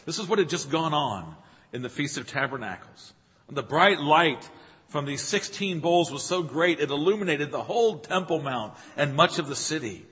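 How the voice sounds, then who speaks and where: A man delivers an earnest, emphatic sermon, his husky voice climbing on the phrases he stresses. The sound is muffled and lo-fi, and each word rings on in a long church-hall reverb. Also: fairly high pitch, lively intonation, moderate pace, a bit bright. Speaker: preacher.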